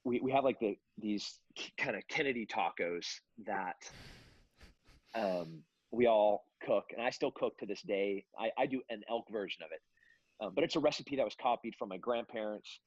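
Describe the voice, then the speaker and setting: A man's voice: lowish voice, normal speed, slightly rough, dry recording, lo-fi sound. A middle-aged man from California telling long family stories in a casual interview, rambling with many fillers and restarts. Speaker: guest.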